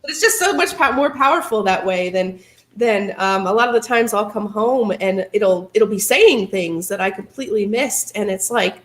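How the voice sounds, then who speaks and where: A woman's voice: medium pitch, normal speed, roomy sound, rough recording. A woman hosting a paranormal channel, chatting casually and upbeat, often breaking into laughter. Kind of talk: casual chat.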